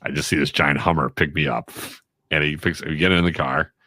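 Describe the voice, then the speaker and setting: Deep-voiced Chicago man telling stories. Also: brisk, no room sound. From Chicago, USA. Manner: animated, self-mocking, acts out quotes. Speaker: guest, radio and voiceover artist. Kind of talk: casual podcast storytelling.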